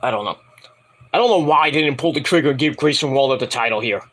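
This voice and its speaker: A man's voice: mid-range voice, fast, fairly bright tone, rough recording. A man giving a casual, rambling wrestling review from home at night, profane and frustrated.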